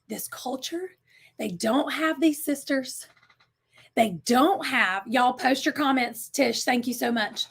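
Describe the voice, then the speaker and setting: Lady hyping up her sales team, high voice with some gravel, lots of y'all. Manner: energetic, preachy, calls out y'all. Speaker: sales director hosting a weekly team video. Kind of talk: motivational pep talk.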